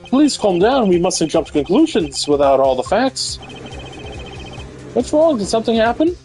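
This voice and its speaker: A man voicing a poised, stern female flight attendant, pitched well above his own voice, making polite but firm announcements. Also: big pitch swings, normal speed, darkish tone, soft background music.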